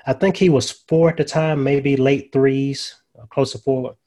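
A man's voice: mid-range voice, fairly even intonation, a little slow, dark tone. Older male chaplain guest, folksy storyteller, mid-range voice, conversational. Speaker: guest, grief ministry chaplain. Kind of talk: casual storytelling.

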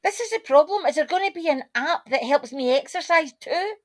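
A woman's voice: high voice, animated, brisk. A woman playing a blunt Glaswegian bingo regular. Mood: sharp. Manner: blunt, sharp-tongued. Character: blunt, sharp-tongued working-class bingo regular, woman. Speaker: bingo player. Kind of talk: radio drama acting.

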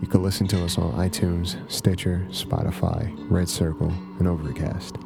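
A man's voice: low-pitched, level tone, moderate pace, gravelly, music in the background. A man hosting a podcast, narrating a first-person horror story in a conversational, confiding way.

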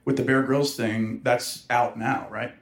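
A man hosting a casual chat, asking short questions and cutting in with quick remarks. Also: medium pitch, steady tone, echoey room. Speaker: host.

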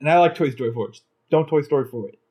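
A man's voice: a little high, fast, slightly rough, lo-fi sound. A man co-hosting a podcast, bantering in a joking way and laughing often. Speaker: podcast co-host. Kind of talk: casual banter.

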